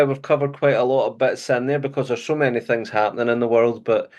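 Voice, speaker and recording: A man's voice: mid-range voice, flat delivery, quick pace, muffled recording. A middle-aged Scottish man hosting a faith interview, talking earnestly and laughing easily. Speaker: host. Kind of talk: casual faith interview chat.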